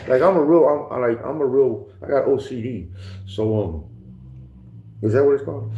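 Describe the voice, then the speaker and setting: A man's voice: mid-range voice, normal speed, warm tone, slight background noise. A man casually telling stories with heavy slang and profanity, often laughing and mimicking others. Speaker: podcast guest telling prison stories. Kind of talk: casual storytelling. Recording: echoey room, dull lo-fi sound.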